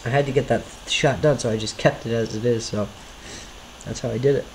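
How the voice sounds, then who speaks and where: A man's voice: medium pitch, steady tone, a little fast, slight background noise, low-quality recording. A man giving casual, rambling commentary over his own homemade video series, often apologetic and self-deprecating.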